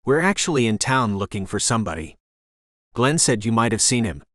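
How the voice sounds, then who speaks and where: A man voicing a confident, sincere young woman in an audiobook, reading her lines softly. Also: fairly low pitch, expressive, a little fast, dry recording, clean studio sound.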